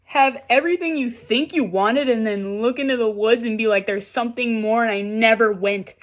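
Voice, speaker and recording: A young woman giving a casual, animated tarot reading straight to her viewers, swearing freely and talking directly to them. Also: fairly high pitch, normal speed. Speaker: tarot reader.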